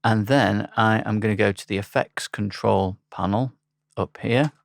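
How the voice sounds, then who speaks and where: Male tutorial instructor, low and gravelly, unhurried and halting, dry close sound. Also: a little hiss or hum. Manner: relaxed, halting, with frequent ums. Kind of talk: screen-recorded software tutorial.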